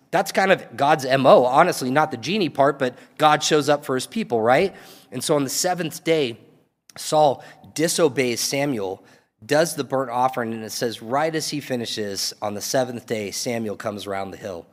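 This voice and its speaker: A man's voice: mid-range voice, moderate pace. Casual-talking preacher man in a hall. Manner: casual storytelling preaching with asides. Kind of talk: sermon.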